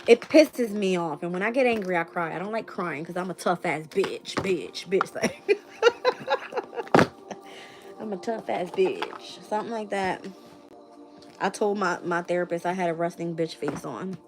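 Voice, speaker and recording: A woman's voice: lowish voice, lively intonation, normal speed, over music. A woman hosting a tarot channel in a casual live-stream chat, blunt and profane and laughing often. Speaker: tarot reader and channel host.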